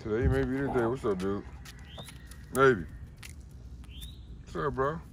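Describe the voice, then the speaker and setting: A man talking casually to his dogs outdoors, calling them loudly and scolding them. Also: medium pitch, unhurried, noisy background. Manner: calls and scolds his dogs, loud shouting commands. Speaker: dog owner.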